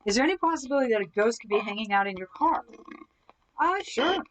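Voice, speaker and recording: A woman conducts a paranormal session on a live stream, talking quickly in a fairly high, animated voice. With a spirit box among her many devices, she asks spirits questions and answers viewers' comments. The audio is poor.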